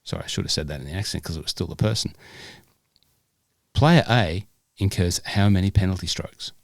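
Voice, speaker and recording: A man's voice: sits low, brisk, gravelly, dry recording, clean studio sound. A man, co-hosting a podcast. He chats casually with self-deprecating humor and reads quiz questions aloud. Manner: self-deprecating, chatty, with hesitant fillers. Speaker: podcast co-host.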